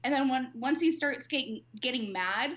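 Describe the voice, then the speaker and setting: Bright giggly woman, lo-fi mic. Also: sits high, slight background noise. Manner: giggly, profane, quick retelling. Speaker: podcast co-host. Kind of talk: casual chat. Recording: dull lo-fi mic.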